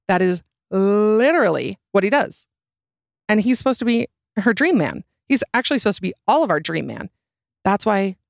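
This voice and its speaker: A young woman hosting a solo podcast, talking in a sarcastic, exasperated way and jumping up in pitch for emphasis. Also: creaky, dry recording, clean studio sound. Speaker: podcast host.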